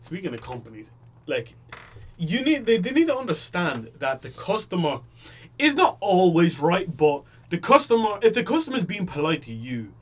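A young man telling a story in a casual podcast chat, acting out every person in it. His voice sits a little high for a man, and he tells it with lots of energy. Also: normal speed, husky. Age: young adult. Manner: animated storytelling, acts out quoted voices. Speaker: podcast co-host.

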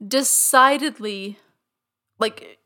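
A woman's voice: fairly high pitch, drawn-out words, bright, forceful tone. A woman co-hosting a podcast in casual chat, laughing often, swearing and saying "like" a lot. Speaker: podcast co-host.

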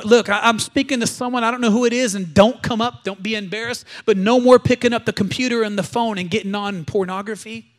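High-voiced pastor guy preaching hard, calls the church to say it back with him. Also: fairly even intonation, fairly quick. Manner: emphatic and exhortative, leading the congregation in call-and-response. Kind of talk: sermon. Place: church service.

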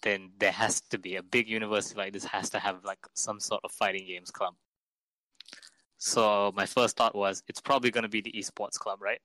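A man's voice: on the low side, little pitch movement, a little fast, pushed and bright, dry recording, low-quality recording. A young man, chatting and rambling through a story as podcast co-host. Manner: rambling storyteller, laughs a lot. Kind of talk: casual chat.

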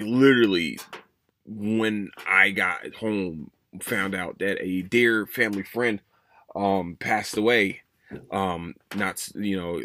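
A man's voice: fairly low pitch, a bit bright, slight background noise. A man hosting his own podcast, talking casually and rambling with lots of fillers and restarts. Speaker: podcast host. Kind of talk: casual solo podcast monologue.

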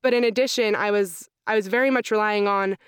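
Fairly quick and fairly even in intonation, her mid-range voice is clean and recorded dry in a clean studio. The young accounting student chats casually in an interview about her story, using lots of "like" and reenacting what went through her head.

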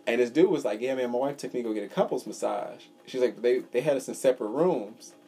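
A man's voice: medium pitch, expressive, quick pace, dark tone, breathy edge. A young man co-hosting a podcast, telling rambling, profane stories in casual chat. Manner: rambling storyteller, swears freely. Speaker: podcast co-host.

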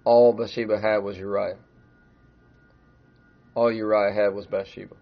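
A man's voice: on the low side, little pitch movement, measured pace, gravelly, dull audio, soft background music. A middle-aged man preaching a sermon in a conversational way, growing emphatic as he retells a story. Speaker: pastor.

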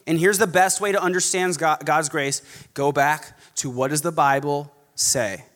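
A man preaching a sermon, animated, mocking snobby voices now and then. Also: fairly high pitch, normal speed, in a large hall. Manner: animated, mocks snobby voices in quoted asides. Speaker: pastor.

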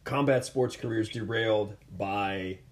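A man's voice: lowish voice, measured pace. A man coaching combat sports, telling stories in an earnest, rambling way with frequent restarts. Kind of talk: casual storytelling in conversation. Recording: echoey room.

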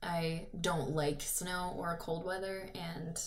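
A woman's voice: lowish voice, steady tone, takes it slowly. A young adult woman co-hosting a podcast, chatting casually and laughing often. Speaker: podcast co-host. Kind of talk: casual chat.

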